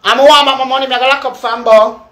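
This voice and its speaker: A young woman with a strong Jamaican accent rants on camera, hammering the same points and calling someone out by name. Her voice sits on the higher side, and she talks in a heated, repetitive, confrontational way. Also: steady tone, fast talker, a bit bright. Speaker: social media personality. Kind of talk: ranting live video.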